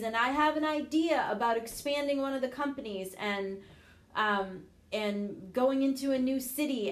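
A middle-aged woman coach and show host, talking frankly and casually, with the odd swear word. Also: high voice. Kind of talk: casual motivational talk. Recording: echoey room.

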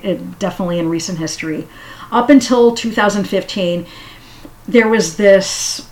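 A middle-aged woman hosting a show, talking casually with fillers and reading a poem aloud. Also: lowish voice. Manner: relaxed, with fillers and restarts. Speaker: podcast host.

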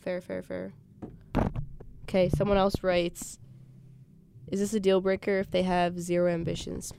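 A woman's voice: lowish voice, monotone, unhurried, vocal fry, background noise. A young woman hosting a casual podcast, chatting and reading out listener questions. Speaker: podcast host. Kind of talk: casual chat.

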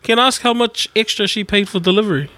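A man co-hosting a casual chat podcast, chiming in with quick, teasing remarks. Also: sits high, sharp tone, no room sound. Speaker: podcast co-host.

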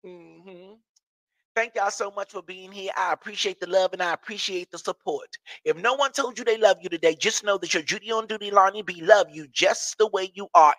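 A man's voice: high-pitched, pushed and bright, no echo. A man with a Washington, DC accent hosting a live stream, reading viewer comments with brassy, profane, sassy banter.

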